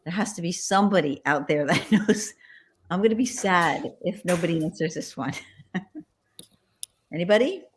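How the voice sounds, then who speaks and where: A woman's voice: fairly low pitch, lively intonation, normal speed, long pauses, a little hiss or hum. Upbeat woman coaxing a video call. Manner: upbeat, coaxing the audience to join in. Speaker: quiz presenter. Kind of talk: casual virtual party quiz.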